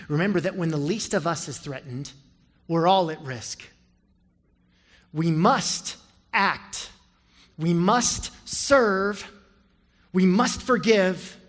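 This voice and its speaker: A man preaching a sermon as pastor, telling a story and leading prayer, building from quiet storytelling to loud impassioned appeals. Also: on the high side, big-room sound. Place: large church sanctuary.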